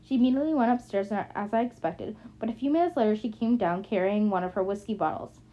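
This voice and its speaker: A woman's voice: mid-range voice, fast. Woman reading a novel, muffled sound. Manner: plain reading with frequent restarts. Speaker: audiobook reader. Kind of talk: first-person novel narration, amateur reading. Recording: muffled lo-fi recording.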